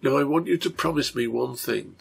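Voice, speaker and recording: A man voicing a gentle, pleading, sick little girl in a read-aloud story, with a husky, gravelly voice. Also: medium pitch, a little fast.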